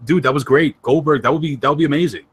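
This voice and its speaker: A man hosting a wrestling podcast in casual chat, excitable and emphatic, joking as he talks. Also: on the high side, quick pace, breathy edge, no room sound. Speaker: podcast host.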